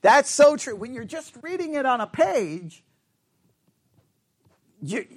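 A middle-aged man teaching a Bible study class, chatty, asking the class questions and acting out sarcastic quotes in a low mumble. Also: sing-song, takes it slowly, no room sound, clean studio sound.

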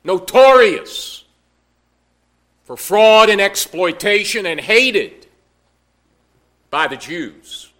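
Male pastor, high-pitched, slow deliberate sermon delivery with emphatic rises. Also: sing-song, fairly bright tone.

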